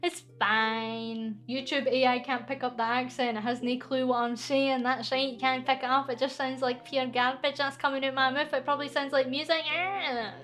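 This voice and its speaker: A woman's voice: sits high, little pitch movement, moderate pace, hardly any pauses, a bit bright, faint music behind. A young Scottish woman streaming, chatty and giggly as she reads viewer questions aloud and answers them. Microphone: studio microphone.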